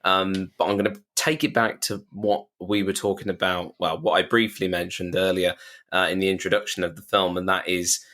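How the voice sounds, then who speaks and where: A man's voice: low voice, flat delivery, normal speed, a bit bright. A man co-hosting a casual film podcast, rambling with many fillers and acting out film lines. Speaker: podcast co-host.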